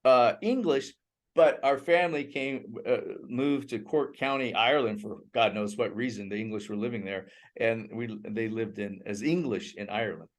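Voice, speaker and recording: An older man co-hosting a casual film review, speaking at an ordinary middle pitch. He talks haltingly, often restarting and correcting himself mid-sentence. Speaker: co-host.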